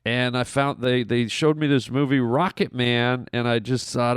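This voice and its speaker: A male comedic actor rambles through animated stories, full of fillers and restarts. His voice is clear and resonant. The recording is close and dry, with no room sound. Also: mid-range voice, normal speed, hardly any pauses, no echo. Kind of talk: recorded message, casual storytelling. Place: recorded separately from the hosts.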